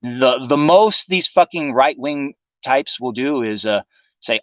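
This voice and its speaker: A man's voice: mid-range voice, expressive, slow, no room sound, lo-fi sound. A man hosting a livestream, delivering a profane, sarcastic political monologue in a casual ranting manner. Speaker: livestream host.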